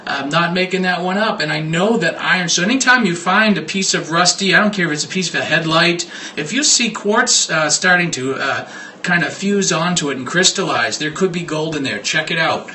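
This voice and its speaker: A man's voice: fairly high pitch, animated, a little fast, sharp tone, a little hiss or hum. A man hosting a radio talk show, chatting casually and joking with his guest. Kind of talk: casual chat.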